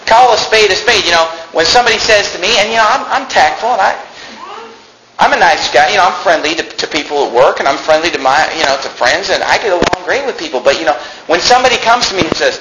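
A man preaching a sermon as pastor, shouting at times and then dropping to calm reasoning. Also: a little high, fast talker. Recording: echoey room with noise.

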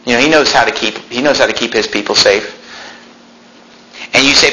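A middle-aged man preaching a sermon as pastor, fiery, swinging between loud peaks and low intense passages. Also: fairly quick, pauses often, reverberant, low-quality recording.

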